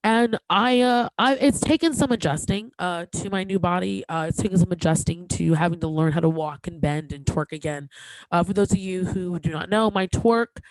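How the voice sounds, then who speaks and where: A woman's voice: on the low side, moderate pace, dry recording, low-quality recording. A woman in her thirties hosting a podcast, talking candidly and with emotion, joking now and then, with many fillers and restarts. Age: 30s. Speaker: podcast host. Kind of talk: casual podcast monologue.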